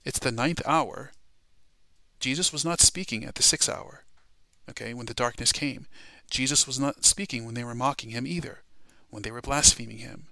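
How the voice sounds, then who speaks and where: In a preaching style, a man teaches a Bible study lesson at a moderate pace, his medium-pitched voice showing vocal fry with no room sound. He is emphatic, often asking "all right?" and "okay?", and swings between quiet asides and loud, stressed words.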